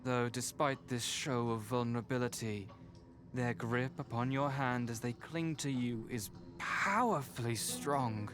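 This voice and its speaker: A calm, unhurried game narrator, voiced by an actor who tells the story in the second person with even, descriptive phrasing. The delivery stays slow and steady. A game soundtrack sits clearly underneath. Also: medium pitch, lightly acted. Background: game soundtrack music.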